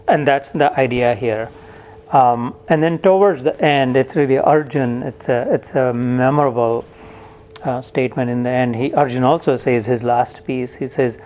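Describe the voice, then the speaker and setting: A man's voice: medium pitch, a little mellow, slight background noise. Man explaining scripture word by word. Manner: conversational, explains Sanskrit verses word by word. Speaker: Gita teacher. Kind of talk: spiritual lecture to a live audience.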